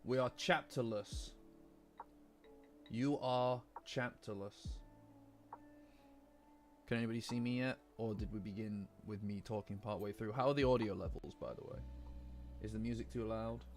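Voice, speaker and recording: A man's voice: fairly low pitch, quick pace, darkish tone. A man with a lingering cough, chatting casually and rambling with his live-stream audience, swearing now and then. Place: cold room at home. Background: faint lo-fi music.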